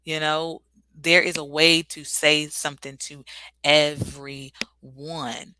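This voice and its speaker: Bright-voiced woman giving earnest advice. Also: low-pitched, flat delivery, slow pace. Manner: earnest, reflective, conversational. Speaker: vlogger. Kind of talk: casual motivational talk.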